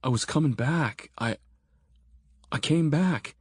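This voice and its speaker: A man's voice: a little high, slow, slightly rough, no room sound, clean studio sound, voice pushed up. A man voicing a jumpy young man who talks in slang and pleads nervously. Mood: pleading.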